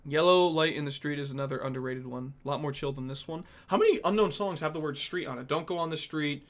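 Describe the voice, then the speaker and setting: Young man, streamer, casual music reaction, rambling and thinking aloud, swears a lot, slightly high voice. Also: fast talker. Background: faint music from the songs he plays.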